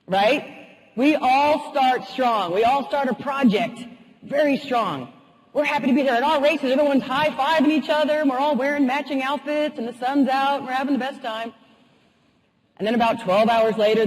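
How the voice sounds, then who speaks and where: Woman motivational speaker, keynote storyteller, animated and funny, husky voice, long hall reverb. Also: fairly high pitch, normal speed. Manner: lively, humorous, animated.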